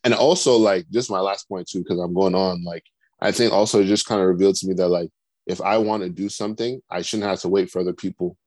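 A man's voice: sits low, fairly even intonation, fast talker, darkish tone, no echo. A man co-hosting a podcast in casual chat, rambling and saying "like" constantly. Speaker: podcast co-host.

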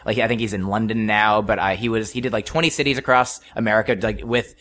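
A man's voice: fairly low pitch, fairly even intonation, fast, fairly bright tone. A man from New Jersey, a comedian in his thirties, talking in a casual podcast chat, rambling and self-correcting with a wry edge. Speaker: comedian guest.

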